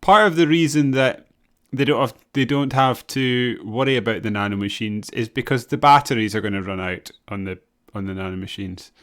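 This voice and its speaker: A man's voice: mid-range voice, a little fast. A man co-hosting a podcast in casual chat, easygoing and wry. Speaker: podcast co-host. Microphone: podcast microphone.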